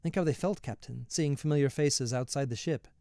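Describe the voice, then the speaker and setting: A man's voice: mid-range voice, a little fast, creaky, warm tone, dry recording, natural voice. Storybook spaceman, young and eager, smiley, as a male reader does him, dry. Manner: eager, pleading. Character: cheerful young crewman, eager and smiling.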